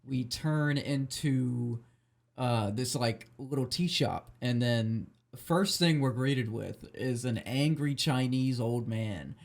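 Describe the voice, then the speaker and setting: A man's voice: mid-range voice, takes it slowly, creaky. Drunk man rambling through a story. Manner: rambling, swearing, many restarts and fillers. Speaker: podcast host.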